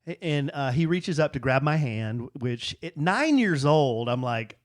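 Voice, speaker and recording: A man's voice: on the high side, very animated, a little slow, no echo, clean studio sound. A man co-hosting a podcast, telling family stories in a rambling, easygoing way with frequent restarts. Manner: rambling, warm anecdotes with repeated restarts. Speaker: podcast co-host. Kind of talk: casual chat, storytelling.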